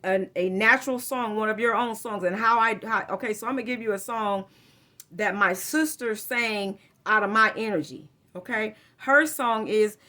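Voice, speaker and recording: Bright rambling woman tarot reader. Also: medium pitch, moderate pace. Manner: rambling, informal, frequent self-corrections and slang. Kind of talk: casual spiritual reading to camera.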